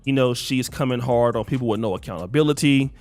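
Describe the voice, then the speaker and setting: A man calmly laying out background context in a played commentary clip, with many fillers. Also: medium pitch, quick pace. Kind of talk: explanatory commentary.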